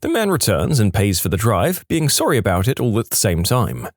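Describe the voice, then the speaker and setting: Low-voiced, lively man narrating stories. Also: brisk, dry recording, clean studio sound. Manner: lively, expressive storytelling. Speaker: story narrator. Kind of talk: scripted narration of online stories.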